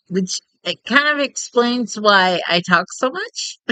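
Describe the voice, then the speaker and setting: A woman's voice: a little high, a bit bright, smooth, dry recording, rough recording. A woman, chatting casually and at length as a streamer while she plays a game. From Texas. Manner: chatty and rambling, with frequent laughter.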